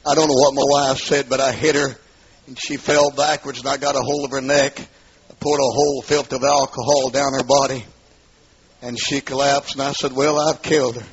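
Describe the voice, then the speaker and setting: A middle-aged man telling his testimony as a sermon, in an emphatic storytelling style that rises into shouts, on a dull lo-fi recording. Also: mid-range voice, level tone, moderate pace, husky. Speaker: preacher giving testimony.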